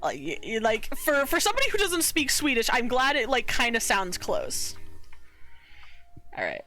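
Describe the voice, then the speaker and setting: A woman's voice: on the high side, huge pitch swings, moderate pace, bright, forceful tone, soft background music. A young woman streaming while she draws, chatting casually in a bubbly, giggly way and sometimes muttering to herself.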